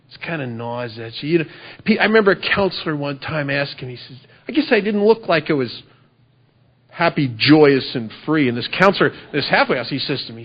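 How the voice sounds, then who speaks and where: Halting man telling his recovery story. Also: fairly high pitch. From United States. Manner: halting, repeats words, earnest. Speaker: recovery speaker. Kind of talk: personal testimony talk. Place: convention hall. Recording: dull lo-fi convention recording.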